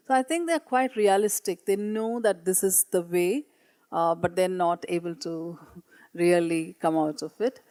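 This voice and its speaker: Mellow-voiced woman presenting. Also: fairly low pitch, unhurried, no echo. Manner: earnest, with frequent hesitations and readings aloud. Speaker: teacher. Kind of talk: conference presentation. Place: meeting room.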